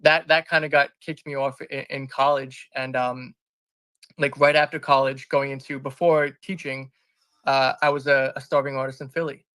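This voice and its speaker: A man's voice: mid-range voice, flat delivery, normal speed, fairly bright tone, no room sound. A man speaking as an interview guest, telling a candid personal story in an earnest, rambling way and often restarting or correcting himself. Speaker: interview guest, business founder.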